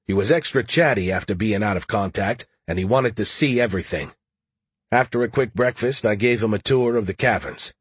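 A man's voice: lowish voice, fairly quick, breathy edge, no room sound. A man narrating a first-person audiobook with a wry, dry-humored delivery.

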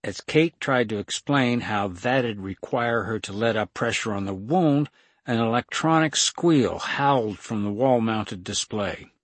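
A man narrating an audiobook thriller in a steady, even reading on a close mic. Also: fairly low pitch, a little slow, no room sound.

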